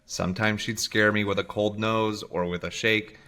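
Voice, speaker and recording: A man co-hosting a casual podcast chat over a remote call, animated, sometimes acting out his dog in a squeaky voice. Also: moderate pace. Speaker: podcast co-host. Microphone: remote recording call.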